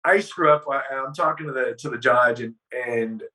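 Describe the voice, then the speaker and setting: A man with a bright, forceful voice tells his story as an interview guest, swearing freely and acting out what others said. He sits a little back from the microphone, so the sound has some distance. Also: medium pitch, normal speed. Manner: animated, profane storytelling, acting out dialogue.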